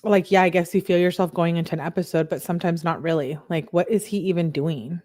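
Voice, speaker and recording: A woman's voice: on the low side, fairly even intonation, fast talker, a little mellow. A woman hosting true crime commentary, reading text messages aloud and reacting with exasperated asides. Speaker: host.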